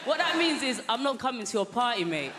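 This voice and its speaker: A comedian performing a stand-up routine on a large theatre stage, telling stories in an animated way and jumping into squeaky high mock voices. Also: quick pace, reverberant, very noisy. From Britain. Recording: live theatre with a loud audience.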